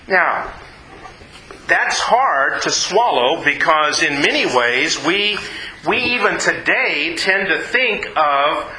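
A man preaching a sermon, emphatic, repeating words and dropping low and slow on key phrases. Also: sharp tone, echoey room, low-quality recording.

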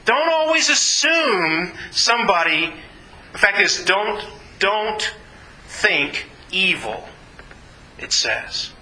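Bright-voiced pastor preaching in an echoey room. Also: male voice, high voice, sing-song, slow. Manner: earnest, conversational preaching with repeated phrases. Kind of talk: sermon.

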